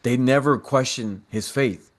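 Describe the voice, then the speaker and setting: A man who is a guest on a podcast, telling animated personal stories in a casual, slangy, streetwise way. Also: medium pitch, a little slow.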